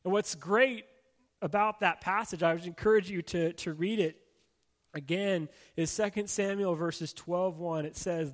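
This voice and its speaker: A man with a high voice preaches a sermon to his congregation. He talks in a loose, conversational way with casual fillers, then slows and softens to stress his main points. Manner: conversational preaching with casual fillers, drops soft and slow for emphasis. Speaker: pastor.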